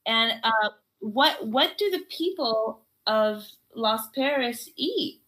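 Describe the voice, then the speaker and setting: Woman, bright and sharp, very animated, theatrical reporter tone for a pretend kids' interview. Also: fairly high pitch, slow pace. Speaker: mock interviewer in an improv exercise. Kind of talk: playful pretend TV interview with a child.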